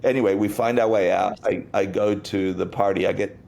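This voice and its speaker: A man, a guest on an interview podcast, telling a personal story in a lively way and acting out the voices in it. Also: fairly low pitch, a little fast, vocal fry. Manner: animated storyteller, acts out quotes. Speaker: interview guest, Buddhist teacher.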